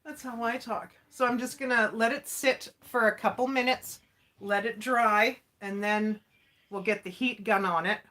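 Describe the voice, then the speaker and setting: A woman's voice: on the high side, fairly even intonation, normal speed, bright, forceful tone. A woman from Alberta hosting a casual livestream while crafting, chatty and folksy, laughing often. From Alberta, Canada. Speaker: livestream host.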